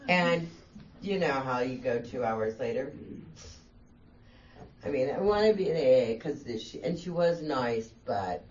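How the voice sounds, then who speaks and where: A woman's voice: a bass voice, lively intonation, a little slow, long pauses, darkish tone. A woman guest speaker telling her own story at a meeting, candid and self-mocking, laughing as she talks. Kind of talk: personal storytelling talk. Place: meeting room. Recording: distant, dull, faint room hiss.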